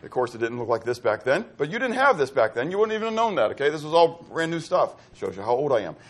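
Animated, high-pitched middle-aged preacher. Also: male voice, fast. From Pittsburgh, USA. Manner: animated, quizzes the congregation with fill-in questions. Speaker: pastor. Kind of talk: sermon.

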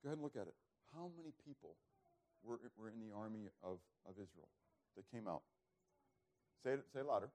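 A man preaching a sermon, throwing rhetorical questions to the congregation and swinging from loud emphasis to hushed, low passages. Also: very animated, normal speed. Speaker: pastor.

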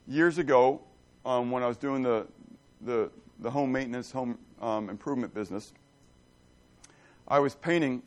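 Middle-aged male pastor, folksy conversational preacher, mid-pitched voice. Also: normal speed, long pauses. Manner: folksy storytelling, asks the congregation questions. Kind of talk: conversational sermon.

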